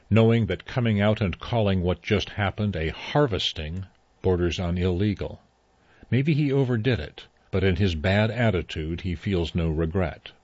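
A man reading a story aloud in a measured, even way. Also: deep voice, husky, no room sound, highs cut off. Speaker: narrator. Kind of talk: scripted story narration.

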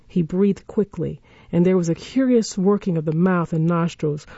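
A narrator reading a classic novel in a measured, even storytelling manner, in a dull, dry recording. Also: medium pitch, no echo.

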